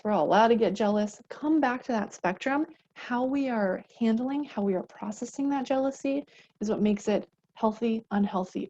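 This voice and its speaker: Conversational woman advocate, mellow lo-fi sound. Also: mid-range voice. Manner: conversational, acts out example dialogues; often adds a tag question at the end of points. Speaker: domestic violence advocate. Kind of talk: educational talk on unhealthy relationships.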